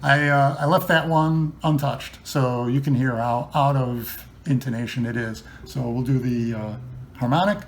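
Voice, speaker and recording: In this casual how-to, a guitar builder chats through the setup of a guitar, frequently saying um and restarting sentences. His mid-range voice is fairly even in intonation and a little slow, with slight background noise.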